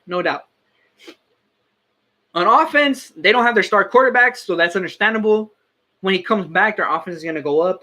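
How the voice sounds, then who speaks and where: A high-pitched young man talks through his team rankings in casual sports commentary. He is firmly opinionated and often stops to correct or restart his sentences. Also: pushed and bright.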